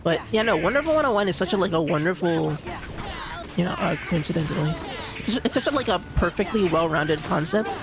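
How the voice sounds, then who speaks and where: Gravelly rambling young man streaming a game. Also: high voice, expressive, a little fast. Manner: rambling, restarts, lots of "like" and "you know". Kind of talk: casual gameplay commentary. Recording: game music behind the voice.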